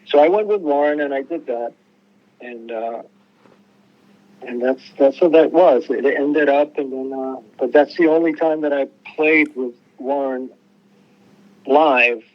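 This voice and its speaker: A man's voice: mid-range voice, unhurried. An older man, a musician guest, telling stories casually in a rambling way, often restarting his sentences and acting out quotes. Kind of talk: casual storytelling interview. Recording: muffled lo-fi radio sound.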